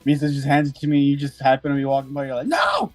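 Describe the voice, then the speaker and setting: A man's voice: medium pitch, monotone, rapid-fire, warm tone. A man chatting casually on a hobby stream, teasing his friend and laughing between lines. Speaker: stream co-host. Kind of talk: casual chat.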